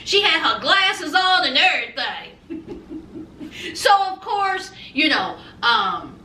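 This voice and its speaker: A sassy woman with a drawl chats through her review, her very high, bright voice swooping up and down as she takes her time. She calls her viewers honey and y'all. The sound is roomy and slightly off-mic. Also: sing-song, slow, recorded from a distance, slight background noise. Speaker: reality TV reviewer. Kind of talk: casual vlog review. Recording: roomy echo, a bit off-mic.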